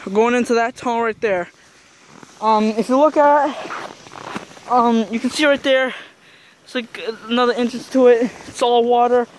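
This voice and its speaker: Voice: mid-range voice, steady tone, moderate pace, long pauses, a little hiss or hum. A vlogger nervously narrating a casual exploration inside a wet, icy tunnel, hesitant and full of fillers. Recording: loud music over the voice.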